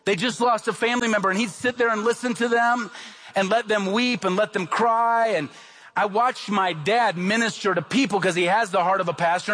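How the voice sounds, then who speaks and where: High-voiced man preaching a sermon. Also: a bit bright. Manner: emphatic, repetitive, rhetorical questions. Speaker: pastor.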